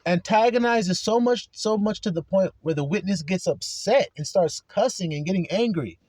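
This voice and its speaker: A man's voice: sits high, normal speed, darkish tone, no echo. A man preaching a blunt, profane religious monologue with heavy cursing. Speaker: religious speaker.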